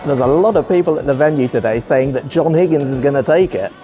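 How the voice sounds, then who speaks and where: A man's voice: fairly high pitch, quick pace, music in the background. A man hosting a casual vlog, talking in a playful, jokey way. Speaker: snooker vlog host.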